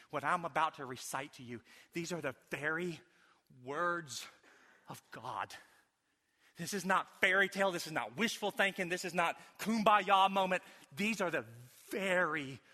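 A man preaching a sermon as pastor, swinging between loud emphatic lines and hushed, quiet ones. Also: on the high side, big-room sound.

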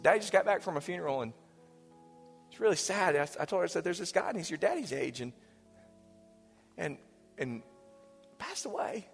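A pastor in his forties preaching a sermon, moving between raised passages and hushed, whispered lines. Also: sits high. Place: church sanctuary. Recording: church hall reverb with soft music.

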